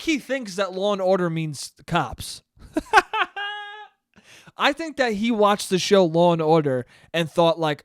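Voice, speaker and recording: A young man hosts a solo podcast, rambling casually and swearing as he jokes along. His voice is high and smooth. The recording is close and dry, with no room sound. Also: big pitch swings, slow, pauses often, fairly bright tone, no room sound. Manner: profane, rambling, joking. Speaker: podcast host.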